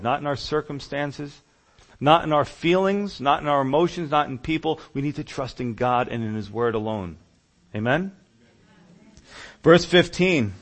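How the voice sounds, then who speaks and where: A male pastor preaching a sermon, reading scripture and rising emphatically as he voices a prophet's prayers. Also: medium pitch. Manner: preaching with emphatic rises when voicing Jeremiah's prayers.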